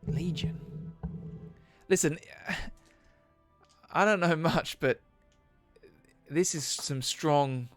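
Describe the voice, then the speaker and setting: A man's voice: fairly high pitch, drawn-out words, pauses often, no room sound, soft background music. A man voicing a friendly male tinkerer who wears steampunk glasses, talking in a hesitant, stammering way. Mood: apologetic.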